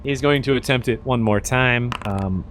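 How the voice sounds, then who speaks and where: Male game master, relaxed, filler-heavy, faint room ambience. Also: mid-range voice, moderate pace, slight background noise. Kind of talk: narrating a tabletop game.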